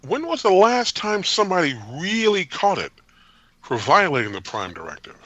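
Animated guy with a bright voice, dry close mic, opinionated. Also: high voice, moderate pace, no echo, highs cut off. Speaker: podcast co-host. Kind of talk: casual chat.

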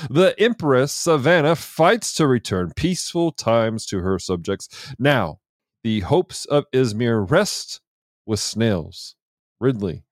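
A man reading a video box blurb in a put-on mock Russian accent, slow and hammy, for comic effect. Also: medium pitch, dry recording, studio quality.

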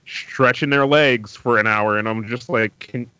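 A man's voice: medium pitch, unhurried, bright, forceful tone, smooth. A man who is a guest on a podcast, retelling annoying encounters with a mocking, exasperated manner. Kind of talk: casual chat.

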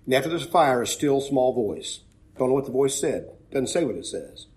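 A man preaching a sermon, retelling a Bible story in an earnest way that rises to emphatic peaks and drops low again. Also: expressive, normal speed, darkish tone.

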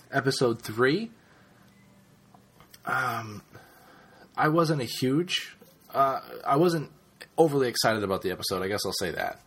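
A man's voice: mid-range voice, expressive, unhurried, pauses often, fairly bright tone, slightly rough. Chatty man rambling with lots of ums. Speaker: podcast co-host. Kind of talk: casual chat.

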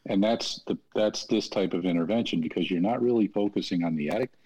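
A man's voice: low voice, fairly quick, dark tone, slightly rough. A middle-aged man, an interventionist, explaining his work earnestly in an interview. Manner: earnest, plain-spoken, acts out family dialogue. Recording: dull lo-fi audio.

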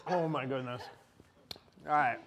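A man's voice: medium pitch, a little slow, dull audio. A man co-hosting a live show, chatting and laughing while serving drinks and snacks. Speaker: co-host. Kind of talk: casual live-show banter.

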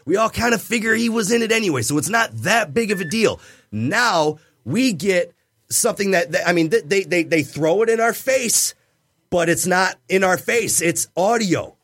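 A man co-hosting a casual podcast chat, excited and insistent, repeating himself to make his point. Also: high-pitched, moderate pace, breathy edge. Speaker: podcast co-host.

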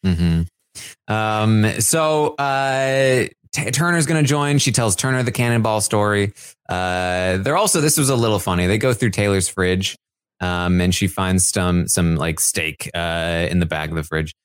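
A man's voice: lowish voice, a little slow, clean tone, no room sound. Guy rambling through a reality show recap, lots of ums, dry close mic. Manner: rambling, lots of fillers, quotes houseguests in a lively voice. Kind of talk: casual chat.

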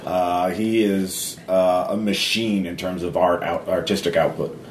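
Low-voiced man running a tabletop game. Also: fairly even intonation, distant mic. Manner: halting, full of ums and uhs. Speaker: game master. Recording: echoey room with background noise.

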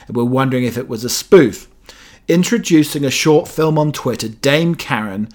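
A British-born man hosting a radio show, chatting in a meandering way with many fillers and playful asides. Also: mid-range voice. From Britain.

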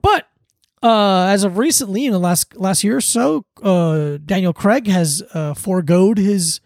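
A man's voice: sits high, a little slow, darkish tone, no room sound, clean studio sound. A man co-hosting a podcast in loose, joking casual chat, with frequent swearing. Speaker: podcast co-host.

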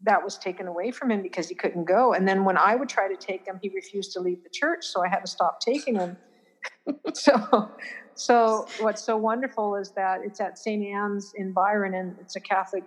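A middle-aged woman at an ordinary pitch talks earnestly about caring for a family member. Her sentences restart and fade to a murmur. A long reverb hangs behind her voice. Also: moderate pace. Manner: warm, earnest, trailing off into quiet restarts. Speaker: family caregiver, guest. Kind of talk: interview conversation. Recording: long reverb in a hall-like room.

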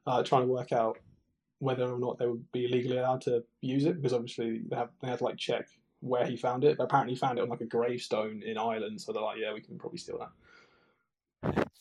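A podcast co-host with a medium-pitched, darkish voice talks at a quick pace with little pitch movement. He chats enthusiastically about film, rambling and restarting often.

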